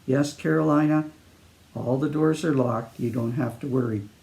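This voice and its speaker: A man voicing a gentle grandfather who calmly reassures his granddaughter at bedtime. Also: mid-range voice, normal speed, vocal fry, roomy sound, close to an everyday voice. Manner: calm, reassuring. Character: gentle grandfather soothing a child.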